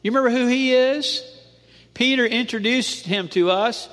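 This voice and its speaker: A male pastor preaching a sermon, asking "amen?" often and swinging between loud declarations and hushed lines. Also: very high voice, moderate pace, vocal fry. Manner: preachy call-and-response with frequent "amen?". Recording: long hall reverb.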